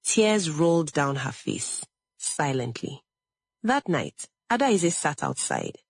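A woman narrating a sad story in a measured, dramatic way with lingering pauses. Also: sits low, wildly swooping pitch, breathy edge, no room sound.

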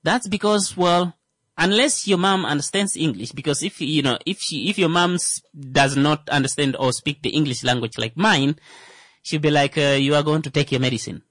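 A man's voice: fairly high pitch, moderate pace, fairly bright tone, no echo. Man, 30s, rambling comic talker, dry close mic. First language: Thimbukushu. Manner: rambling, many fillers and restarts. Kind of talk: casual comedic monologue.

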